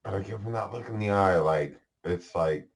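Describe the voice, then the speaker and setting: A man co-hosting a casual podcast, speaking bluntly and plainly. His voice sits very low. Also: normal speed. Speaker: podcast co-host.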